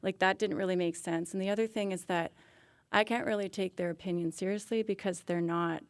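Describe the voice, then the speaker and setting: Candid woman, smooth low voice. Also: fairly even intonation, a little fast, no room sound, studio quality. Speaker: musician and arts organization leader. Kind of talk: panel discussion on a call.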